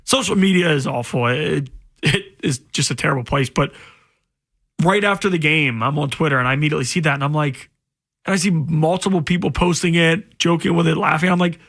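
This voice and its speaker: A male sports radio co-host with a slightly higher voice, speaking into a studio microphone. He delivers his takes bluntly and with open exasperation. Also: fairly quick, a bit bright.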